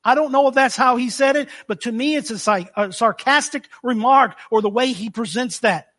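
A male pastor delivering a conversational sermon with a very high, bright voice. He acts out the scripture as he reads it and questions his listeners directly. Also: normal speed.

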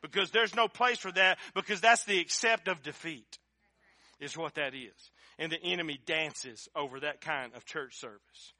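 A middle-aged man preaching a sermon, impassioned, building up to shouting at its peaks. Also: a little high, moderate pace, no room sound. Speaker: pastor.

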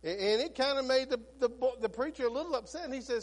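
A man's voice: very high voice, animated, rapid-fire, few pauses. A man preaching a sermon as a Baptist pastor, folksy and storytelling, with frequent restarts.

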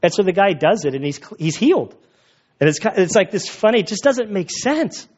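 A man delivering a sermon with a somewhat high-pitched voice, talking casually and with animation as he retells a story. The recording sounds a little dull and lo-fi. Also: fairly quick. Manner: conversational, animated retelling with acted quotes. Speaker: pastor.

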